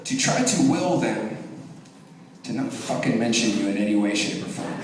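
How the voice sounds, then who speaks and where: A man's voice: fairly low pitch, moderate pace, crowd noise. A man in his thirties doing a profane stand-up comedy set on stage, telling stories and acting out voices. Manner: animated storytelling, profane, acts out voices. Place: comedy venue stage, live audience. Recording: echoey hall from far off.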